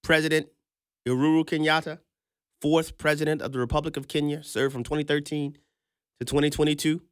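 A man's voice: a little high, little pitch movement, a little fast, clear, resonant tone, no room sound, clean studio sound. A man hosting a political commentary show, playful and emphatic, repeating points and laughing often.

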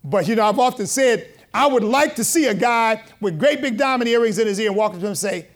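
A high-voiced man preaches to his congregation in an easy, talking style. He stops to ask for amens, and his voice jumps up and gets loud whenever he acts out what other people said. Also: quick pace, hardly any pauses. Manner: conversational preaching with call-and-response amens; animated, rising loud when quoting. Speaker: pastor. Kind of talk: sermon.

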